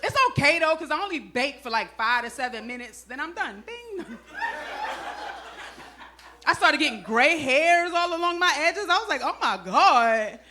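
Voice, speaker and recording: New lady doing standup, high lively voice, punchy and slangy, echoey club room. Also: normal speed. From Brooklyn, New York. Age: middle-aged. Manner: animated, punchy delivery with slang and playful asides to the crowd. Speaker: stand-up comedian. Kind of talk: stand-up comedy set. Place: comedy club stage.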